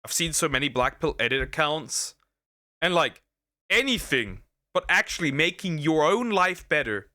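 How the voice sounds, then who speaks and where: A man's voice: on the high side, big pitch swings, normal speed, sharp tone, no echo, clean studio sound. A man casually reacting to a video, rambling and joking with internet slang.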